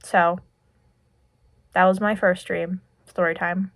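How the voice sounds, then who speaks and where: A woman's voice: fairly low pitch, flat delivery, takes it slowly, no echo. Giggly young woman chatting, dry sound. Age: young adult. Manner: chatty, giggly, filler-heavy "like". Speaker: vlogger. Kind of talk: casual storytelling chat. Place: at home doing makeup.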